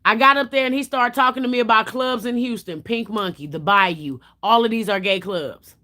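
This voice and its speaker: A woman's voice: a little high, moderate pace, pushed and bright. A woman hosting a livestream, chatting casually and telling stories bluntly, with plenty of swearing. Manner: blunt, profane, storytelling. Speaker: livestream host.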